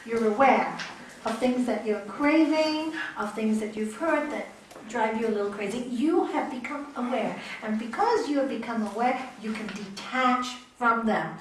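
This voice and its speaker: A middle-aged woman teaching a yoga class, animated and repeating her key words for emphasis. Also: a little high, unhurried, slight background noise. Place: teaching room. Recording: echoey room, mic far off.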